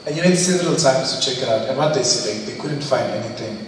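A man preaching a lively church sermon, exclaiming and teasing his congregation. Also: medium pitch, fast talker. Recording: echoey hall, distant mic, faint hiss.

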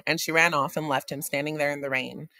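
A man narrating a novel aloud for a class in a steady, plain manner. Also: on the high side, fast talker, creaky, no room sound.

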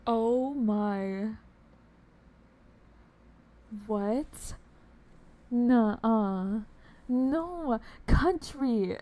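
A woman's voice: fairly high pitch, a little slow, mellow. Bubbly, giggly young woman streamer. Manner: bubbly, giggly, talks to chat. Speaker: game streamer. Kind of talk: casual live-stream chat.

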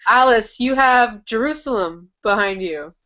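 A woman's voice: fairly high pitch, expressive, a little slow, fairly bright tone, highs cut off. A woman chatting on a video call from her bedroom, joking and laughing easily. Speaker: book club member. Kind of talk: casual video-call chat.

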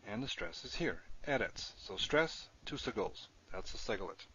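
A man's voice: medium pitch, animated, moderate pace, vocal fry, bright, forceful tone, slightly rough, dull audio. A man teaching a recorded Hebrew grammar lesson, explaining step by step as he writes on the screen.

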